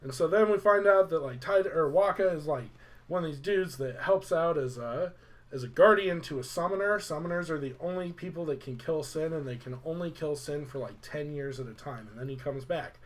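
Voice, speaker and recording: A man's voice: fairly high pitch, brisk. A young man casually recapping a video game story, rambling with lots of "like" and fillers. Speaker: let's play host.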